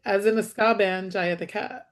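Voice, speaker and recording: A woman co-hosting a casual chat, talking with eager, enthusiastic excitement and reading out viewer comments. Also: mid-range voice, normal speed. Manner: eager, enthusiastic fan talk.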